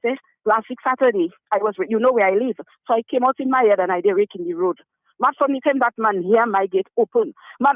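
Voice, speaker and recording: A man's voice: very high-pitched, no echo. A man calling in to a radio show, speaking in an urgent, pleading, repetitive way. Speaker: caller. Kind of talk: call-in radio complaint. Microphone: telephone. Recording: tinny dry phone line.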